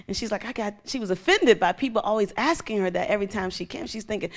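A woman's voice: mid-range voice, quick pace. A middle-aged woman pastor preaching a sermon, telling stories with animation and acting out voices.

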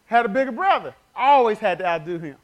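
A man's voice: sits high, lively intonation, fast talker. A man preaching a fervent sermon, telling stories and leading call-and-response with the congregation.

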